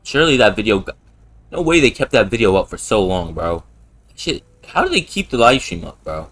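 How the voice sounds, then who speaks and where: A man's voice: fairly low pitch, very animated, brisk, fairly bright tone. A young man streaming a game and commenting in a casual, slangy and joking way, repeating himself a lot. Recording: stream audio with faint game music.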